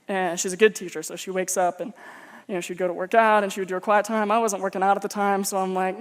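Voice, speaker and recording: A man's voice: sits high, fairly even intonation, a little fast, a bit bright, smooth. Male pastor from Texas, casual sermon storyteller, joking and self-deprecating. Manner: humorous, conversational, self-mocking.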